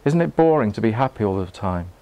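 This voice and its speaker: A man, giving a live talk to a group in a room, earnest and halting, often restarting his words and laughing. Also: on the low side, lively intonation, dull audio. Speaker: meditation teacher. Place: room with an audience.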